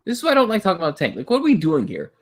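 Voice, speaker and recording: A man's voice: high-pitched, wildly swooping pitch, very fast. A man co-hosting a casual boxing talk show, talking in an exasperated rush. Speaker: podcast co-host.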